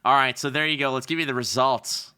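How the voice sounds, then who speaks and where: A man's voice: medium pitch, fairly even intonation, a little fast, pushed and bright, smooth. A young adult man from Canada co-hosting a podcast, bantering and joking in casual chat. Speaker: podcast co-host.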